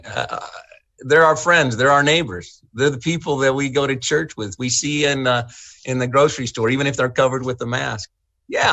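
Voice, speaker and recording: A middle-aged man with a gravelly, creaky edge to his voice, telling folksy stories in an animated way and often stumbling over his first words. The sound is dry and close, with no room around it. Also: mid-range voice, no echo. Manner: folksy, animated storyteller who repeats and restarts words. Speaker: state senate candidate. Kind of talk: interview answers.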